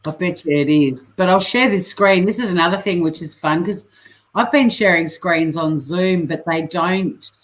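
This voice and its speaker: A woman's voice: fairly low pitch, normal speed, poor audio. A woman hosting a long livestream on a video call, chatting casually and laughing often. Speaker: livestream host.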